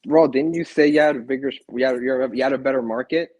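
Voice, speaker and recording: A man's voice: medium pitch, brisk, darkish tone. A young man from Minnesota, a podcast co-host, firing back defensive, snappy comebacks in heated sports banter.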